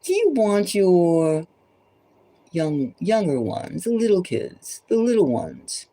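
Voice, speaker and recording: A woman's voice: lowish voice, wildly swooping pitch, slow, dark tone, poor audio. A woman tarot reader giving an impassioned, preachy monologue full of urgent repeated exhortations, sometimes dropping to a whisper.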